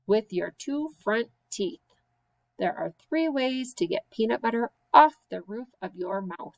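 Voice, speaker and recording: Woman teacher, children's poem reading, slow, sing-song, fairly high voice. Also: lively intonation, gravelly, poor audio. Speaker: special education teacher. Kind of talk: reading children's poems aloud.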